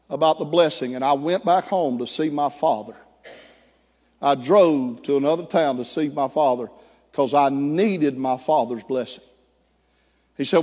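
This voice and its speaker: Telling a story during his sermon, a pastor animatedly acts out the voices of its characters. His voice is a little high and moves at a moderate pace, trailed by a long reverb tail.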